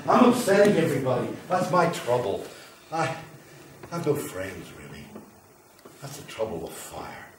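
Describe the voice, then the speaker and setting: A man's voice: mid-range voice, slight background noise, natural voice. A man acting a grandiose, lonely figure who is fire itself, in a live spoken-word stage show, swinging between boasting and apology. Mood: lonely apologetic. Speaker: stage performer. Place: theatre stage. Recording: roomy live venue from far off.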